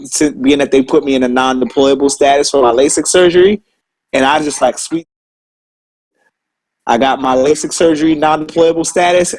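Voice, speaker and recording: A Marine veteran tells old service stories in casual chat, swearing constantly and sounding indignant. His mid-range voice is a little mellow, and the recording is rough.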